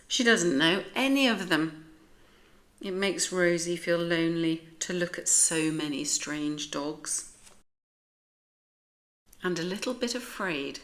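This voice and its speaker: A woman with a British accent reading a children's picture book aloud in a gentle, expressive way. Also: low-pitched, slow.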